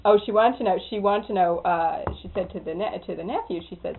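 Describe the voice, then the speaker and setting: A woman telling a story in a casual, animated way, laughing often and acting out the people she quotes. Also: medium pitch, fast talker, hardly any pauses. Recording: tinny phone-like recording.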